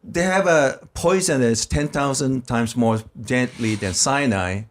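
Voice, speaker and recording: A man's voice: mid-range voice, measured pace, slight background noise. A man from Japan with a Japanese accent, a podcast co-host telling comic stories casually and laughing through them. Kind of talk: casual comedic storytelling.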